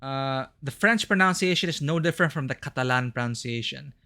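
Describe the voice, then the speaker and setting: A man's voice: mid-range voice, brisk. A man streaming a game, chatting casually and musing aloud between lines. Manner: relaxed, muses aloud.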